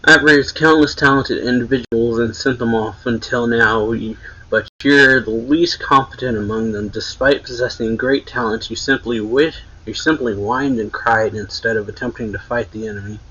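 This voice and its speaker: A man reading the lines of a cold, contemptuous male military instructor aloud, a little louder and higher than his own talk, with a husky voice on dull lo-fi audio. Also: fairly even intonation, moderate pace. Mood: scornful.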